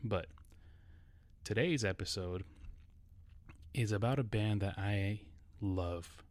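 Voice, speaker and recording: A man's voice: lowish voice, slow pace, darkish tone, dry recording. A man from New York hosting a solo podcast episode, talking casually and a little nervously, with restarts. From New York City. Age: adult. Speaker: podcast host.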